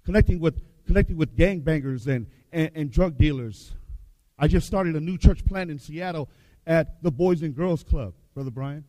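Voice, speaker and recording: A man preaching a revival sermon, emphatic, repeating his phrases and swinging between loud and hushed. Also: on the high side, no echo. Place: church hall with baptism tank.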